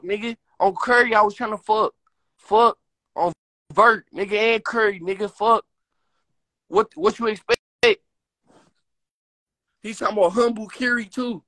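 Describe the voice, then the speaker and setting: High-voiced young man ranting on a live stream. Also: fairly even intonation, unhurried, pauses often, bright, forceful tone. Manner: heated, profane, slangy trash talk. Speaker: rapper.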